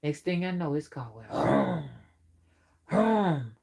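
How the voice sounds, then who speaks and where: A woman's voice: low voice, very animated, slow pace, creaky, pauses often, darkish tone, breathy edge. A middle-aged woman, telling a stern, warning story to her viewers in a casual monologue. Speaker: rootwork spiritual reader.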